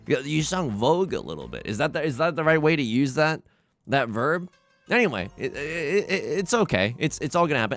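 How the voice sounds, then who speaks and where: Animated young man commentating a game. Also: medium pitch, fast, soft background music. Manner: animated, self-mocking, swings into loud groans. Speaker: streamer playing mahjong. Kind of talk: casual let's-play commentary.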